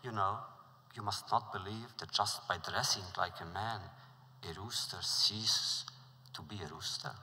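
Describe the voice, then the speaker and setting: Guy playing a polite wise man, calm and reasoning, low voice, bright tone. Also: unhurried, exaggerated voice. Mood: patient. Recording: reverberant lecture hall.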